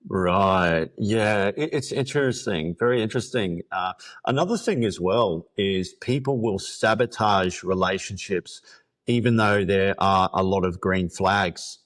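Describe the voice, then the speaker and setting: A man's voice: low-pitched, unhurried, a bit bright. A man hosting a podcast interview, talking loosely with fillers and the odd swear. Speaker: podcast host. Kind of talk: casual interview chat.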